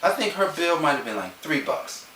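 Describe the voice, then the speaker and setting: A man tells a personal story as a motivational speaker, his bright voice rising and falling a lot as he keeps turning to his listeners with questions. He sounds set back from the mic in a roomy, echoing space, with a faint hiss underneath. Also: on the high side, normal speed, recorded from a distance. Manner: lively, conversational, questions the listeners directly. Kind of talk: animated personal storytelling to an audience.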